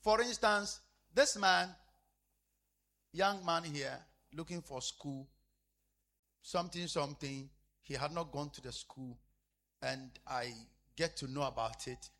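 A man preaching with a high, lively voice. His tone is bright and husky, and he repeats his phrases. He swings between shouted emphasis and low, quiet asides. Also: measured pace. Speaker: apostle preaching. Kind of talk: sermon.

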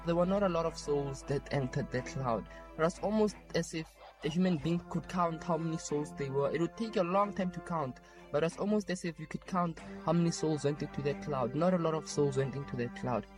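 A man's voice: on the high side, fairly quick, over music. Emphatic man telling his vision. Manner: emphatic, repetitive. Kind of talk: personal testimony.

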